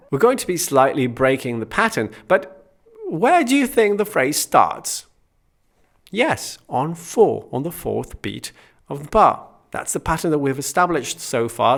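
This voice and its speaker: Slow, patient male guitar teacher. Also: mid-range voice. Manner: counts beats aloud and sings short phrases softly; patient, step-by-step explaining. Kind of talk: music lesson. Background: his own guitar playing.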